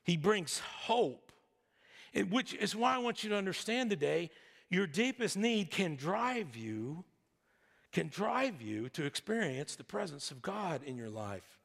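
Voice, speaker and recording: A man's voice: sits high, very animated, a little slow, gravelly, a bit bright. A male pastor preaching a sermon in a church, conversational with joking asides. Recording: long hall reverb.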